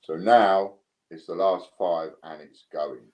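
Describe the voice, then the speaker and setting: A British man hosting a casual live stream, relaxed as he counts down bids. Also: low voice, slow pace, highs cut off. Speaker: live stream host running coin auctions.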